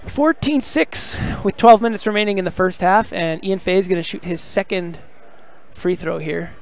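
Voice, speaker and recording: A man doing live play-by-play of a high school basketball game from the gym, excitable and shouting on big plays, with casual chatty asides. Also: moderate pace.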